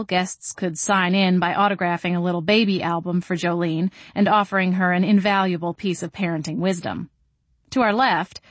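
A woman reading a first-person novel aloud in a calm, measured audiobook narration. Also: on the low side, no echo.

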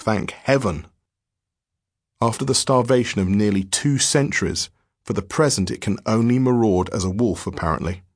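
A man reading a diary-form horror story aloud in a measured, grave voice. His tone sits low with a husky grain, recorded close and dry. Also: dry recording.

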